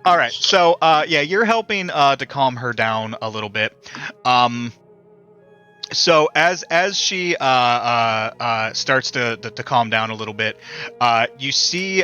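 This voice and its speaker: Bright-voiced man running a horror game. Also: medium pitch, clean tone. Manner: halting, many filler words. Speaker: game master. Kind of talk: narrating a tabletop horror game. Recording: dull lo-fi mic with faint music.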